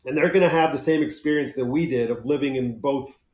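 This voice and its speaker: A man's voice: mid-range voice, fairly quick, a little mellow. A man from California in casual chat, enthusiastic and playful. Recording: echoey room.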